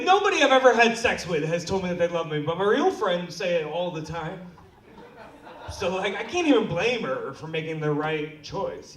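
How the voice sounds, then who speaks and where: A young man from Seattle performing a crude, self-deprecating stand-up set and playfully bossing the crowd into clapping. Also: sits high. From Seattle, USA. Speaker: stand-up comedian. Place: comedy club stage. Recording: echoey club audio from far off.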